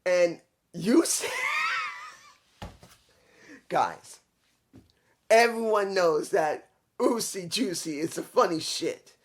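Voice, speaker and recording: A young man giving a casual, excitable wrestling review, swearing freely and acting out quotes as he recaps scenes. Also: sits high, very slow, long pauses, raised voice.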